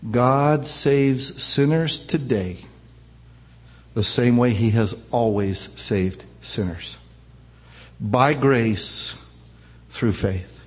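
Husky-voiced preacher in an echoing hall. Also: male voice, mid-range voice, drawn-out words, long pauses. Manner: emphatic preaching, rising and falling. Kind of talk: sermon. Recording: long hall reverb.

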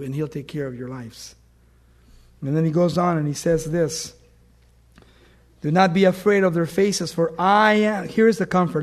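A middle-aged man preaching with a notably high-pitched voice. He tells stories with fillers and restarts, shouting some lines with force and dropping others to a hushed, intimate tone. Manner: swings from loud emphatic bursts to soft hushed tones; storytelling with anecdotes, fillers and restarts. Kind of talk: sermon.

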